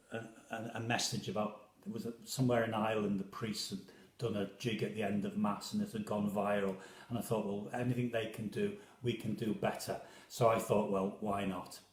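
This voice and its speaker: A man who is a parish priest, talking in a chatty, rambling, self-deprecating way with a refined Liverpool accent and many restarts. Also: lowish voice. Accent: soft Liverpool. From England. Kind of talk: casual chat to viewers. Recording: roomy echo.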